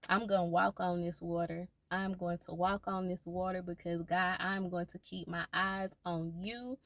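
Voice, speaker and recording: A woman's voice: fairly low pitch, no echo. A woman talking earnestly to her viewers about faith, repeating reassuring phrases again and again. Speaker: faith vlogger. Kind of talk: encouraging faith talk to viewers.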